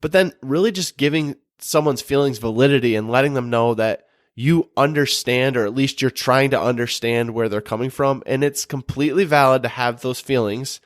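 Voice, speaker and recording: A man co-hosting a relationship podcast, talking in an earnest, relaxed way with many restarts. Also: mid-range voice, moderate pace, no room sound, clean studio sound. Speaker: podcast co-host. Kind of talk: casual advice talk.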